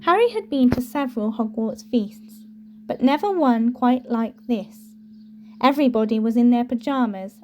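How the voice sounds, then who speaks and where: A woman reads a novel aloud in a steady, clear storytelling voice. Her tone is mellow and a bit higher than most women's. The recording is dull and lo-fi. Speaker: audiobook reader.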